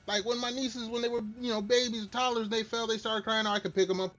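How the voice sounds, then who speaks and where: A man's voice: high voice, flat delivery, fairly quick, a bit bright. A middle-aged man chatting casually while streaming a game, rambling, candid and self-deprecating. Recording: slightly dull lo-fi stream mic with faint music.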